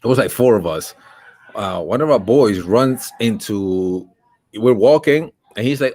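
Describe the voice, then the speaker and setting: A man's voice: lowish voice, unhurried. A young man telling a profane story in a casual podcast chat, acting out what people said. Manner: lively, profane, acts out quotes. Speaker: podcast co-host.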